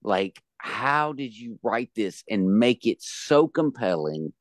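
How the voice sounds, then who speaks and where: A man hosting a podcast, joking and talking in a loud, animated way. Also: fairly low pitch, takes it slowly, no room sound, clean studio sound. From United States. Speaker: podcast host. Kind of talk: casual podcast chat.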